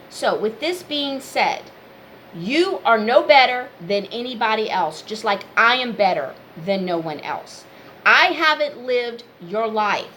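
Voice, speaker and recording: A woman's voice: a little high, fairly bright tone, slight background noise, rough recording. A woman vlogger giving a blunt, preachy monologue, firing off rhetorical questions. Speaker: vlogger, spiritual advisor. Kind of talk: unscripted opinion monologue.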